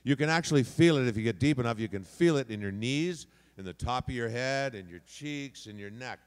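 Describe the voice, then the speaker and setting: A man's voice: mid-range voice, expressive, brisk. A man on a convention panel teaching voice acting, demonstrative and shifting his voice around as he explains. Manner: demonstrative, shifts voice placement freely. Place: convention hall. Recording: long hall reverb.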